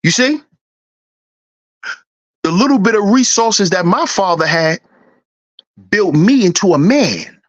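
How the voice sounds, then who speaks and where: In this livestream commentary rant, the host's high, expressive voice moves slowly and pauses often. He is heated, preachy, and profane, repeating lines for emphasis.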